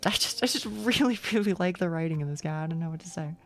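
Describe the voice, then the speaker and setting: A young woman streamer giving casual, rambling commentary, halting and swearing freely. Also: lowish voice, lively intonation, music in the background.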